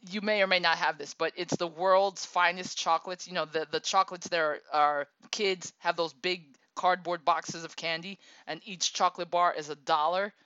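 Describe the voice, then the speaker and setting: Bright-voiced woman telling a lively story. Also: on the low side, moderate pace, hardly any pauses, clear, resonant tone, no echo. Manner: animated, laughs often, acts out quotes. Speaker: parent telling a personal story. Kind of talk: casual storytelling monologue. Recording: dull, dry lo-fi recording.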